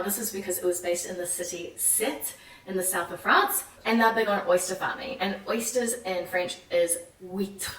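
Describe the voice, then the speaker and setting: Animated New Zealand woman vlogging. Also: medium pitch. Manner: animated, acts out quoted French voices. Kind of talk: casual chatty vlog. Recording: echoey room, mic at a distance.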